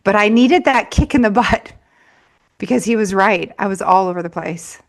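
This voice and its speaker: Woman coach chatting thru a story, mid pitch, lots of likes and laughs. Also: moderate pace. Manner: chatty, laughing, many "like" fillers. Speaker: money mindset coach, guest. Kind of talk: casual interview storytelling.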